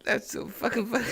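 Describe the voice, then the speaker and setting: A man hosting a podcast in a casual chat, giggling constantly and bursting into excited shouts. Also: on the high side, creaky, noisy background. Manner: giggly, laughs constantly between lines. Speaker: podcast host.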